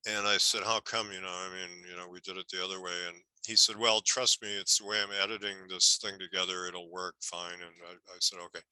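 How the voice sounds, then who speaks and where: Older man, bright dry storyteller. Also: sits low, little pitch movement, brisk, hardly any pauses, clean tone, no echo, low-quality recording. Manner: rambling anecdotes with many restarts. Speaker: guest film historian. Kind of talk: casual interview storytelling.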